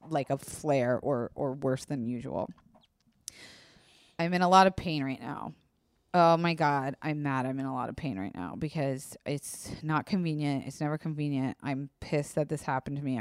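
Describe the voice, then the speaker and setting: A woman's voice: deep voice, no room sound, studio quality. A woman hosting a podcast, speaking frankly and emotionally about her own life, swearing freely and acting out her own quoted thoughts. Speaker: podcast host. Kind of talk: candid casual podcast talk.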